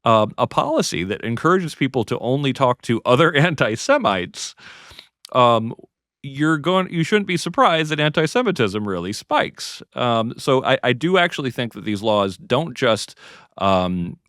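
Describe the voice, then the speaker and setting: A man's voice: medium pitch, very animated, normal speed, a bit bright, dry recording, clean studio sound. A man from the greater New York area who speaks as a guest in an interview. He is earnest and emphatic, and often halts and restarts his sentences. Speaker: guest, free speech advocate. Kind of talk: conversational interview.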